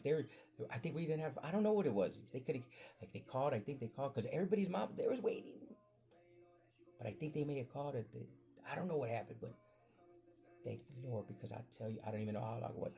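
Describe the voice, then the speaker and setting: Man, podcast host, casual rambling storyteller, gravelly mellow voice, faint music behind. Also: mid-range voice. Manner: rambling, animated, acts out voices in quotes.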